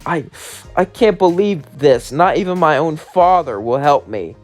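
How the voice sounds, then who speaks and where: A man's voice: medium pitch, lively intonation, moderate pace, a little mellow, faint music behind, close to an everyday voice. A man voicing a young demon princess, hopeful and heartbroken, speaking in a pleading, tearful way in a fan-made story. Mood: despairing.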